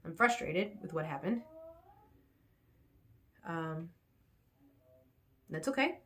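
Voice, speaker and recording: A woman's voice: lowish voice, slow, pauses often. Tired woman venting in a vlog. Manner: venting, animated when recounting, quiet when reflecting. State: tired and sore after a workout. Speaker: vlogger. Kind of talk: rambling personal vlog.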